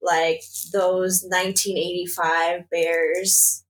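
A woman's voice: on the low side, takes it slowly, rough recording. Laughing, swearing young woman telling a story. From Illinois. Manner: animated, laughing, swearing freely. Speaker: podcast co-host. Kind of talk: casual storytelling chat.

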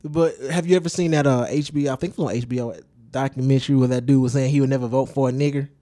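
A man's voice: mid-range voice, fairly even intonation, racing, warm tone, no echo, clean studio sound. A man co-hosting a casual podcast, joking and asking his partner lots of questions. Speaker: podcast co-host. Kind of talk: casual chat.

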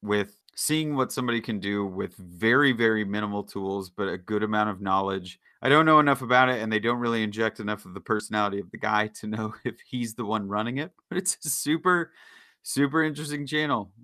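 A man's voice: lowish voice, fairly quick, sharp tone, no room sound, clean studio sound. A man co-hosting a casual podcast, telling a rambling story with frequent self-corrections. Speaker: podcast co-host. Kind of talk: casual chat.

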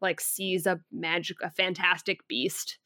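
A woman's voice: lowish voice, level tone, measured pace, sharp tone, dry recording. Chatty woman on a dry mic. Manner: chatty, hesitant, wry. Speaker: podcast co-host. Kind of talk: casual chat.

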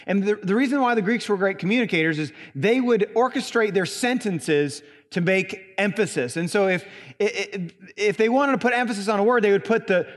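A pastor with a Southern Indiana accent delivers an emphatic sermon, leaning on single words. His voice sits high for a man. The sanctuary leaves a long reverb trailing behind him. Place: church sanctuary.

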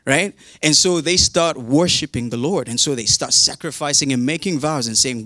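Male preacher with a relaxed, humorous delivery and a mid-range voice. Dry, close sound. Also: medium pitch, normal speed, hardly any pauses, dry recording. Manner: chatty and humorous, with modern slang. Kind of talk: casual sermon retelling a Bible story.

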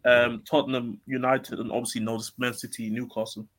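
A man's voice: mid-range voice, level tone, brisk, fairly bright tone. A man hosting a casual sports chat, asking others for their predictions and hesitating often as he thinks aloud. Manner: hesitant, with many fillers and restarts.

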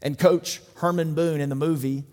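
A man's voice: fairly high pitch, fairly even intonation, moderate pace, a little mellow. A man preaching a sermon as pastor, building his points through rhythmic repetition and rising intensity. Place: church sanctuary. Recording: long reverb of a large hall.

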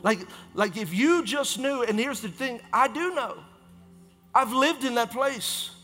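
In a church hall full of reverb, with soft music playing underneath, a male pastor delivers a fervent sermon. He speaks in a bright, high voice, circling back on phrases and fixing his own words quickly to drive the message in.

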